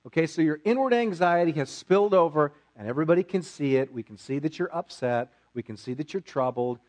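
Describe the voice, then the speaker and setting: A pastor delivers a sermon with an animated, lively voice that rises and falls a great deal. He sits a little higher in pitch than most men and leans on repetition to drive points home. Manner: animated preaching, repeats key phrases for emphasis.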